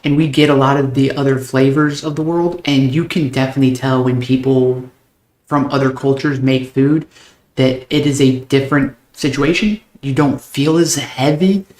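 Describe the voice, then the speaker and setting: A young American man, chatting casually and fast with stream viewers, loose and a bit profane. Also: mid-range voice, fairly even intonation, darkish tone. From United States. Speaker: game streamer. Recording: roomy echo.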